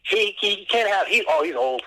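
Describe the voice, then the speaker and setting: A man calling in to a radio show, telling animated, laughing stories about his dog. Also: high voice, moderate pace, creaky, poor audio. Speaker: phone-in guest. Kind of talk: casual storytelling on a call. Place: outdoors on a porch. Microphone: phone.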